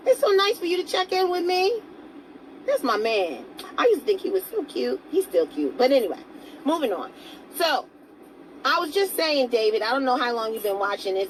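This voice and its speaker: A woman with a fairly high voice talks straight to her viewers in a motivational vlog. She sounds earnest and coaxing and keeps asking them pointed questions. Faint traffic hums in the background. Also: rough recording. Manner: greets viewers by name mid-talk. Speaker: self-help vlogger. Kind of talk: motivational talk to camera.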